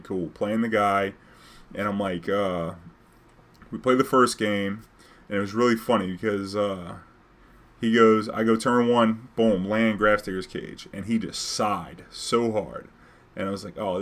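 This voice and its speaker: A young man with a somewhat low voice tells a story in an easy, laid-back way. His talk is slangy and loose, and he breaks into laughter at his own story. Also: fairly bright tone. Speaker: streamer telling a story. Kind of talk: casual storytelling.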